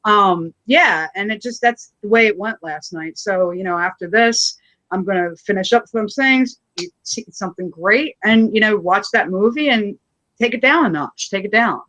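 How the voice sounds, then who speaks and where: A woman's voice: mid-range voice, moderate pace, fairly bright tone, poor audio. A tired woman energy coach co-hosting a webinar over a video call, rambling casually with many fillers. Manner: rambling, lots of fillers and restarts. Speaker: intuitive energy coach, co-host. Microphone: video call mic.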